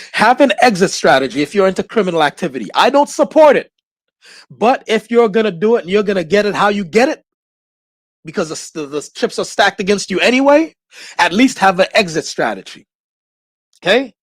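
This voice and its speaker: A man's voice: high-pitched, no room sound. A man hosting a livestream talk show, delivering an emphatic, preachy monologue with stumbles and restarts, often asking "okay?". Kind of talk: casual commentary monologue.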